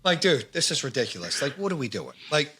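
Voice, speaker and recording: Animated man spinning a wild story. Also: a little high, quick pace, over a noisy crowd. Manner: acts out quoted voices, laughs often, swears. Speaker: podcast host telling a story.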